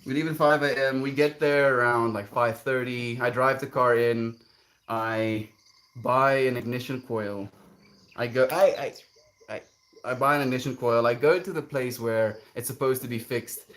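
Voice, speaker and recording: A man's voice: medium pitch, steady tone, moderate pace, fairly bright tone. A man, streaming and telling a story casually, rambling and repeating words as he goes. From South Africa.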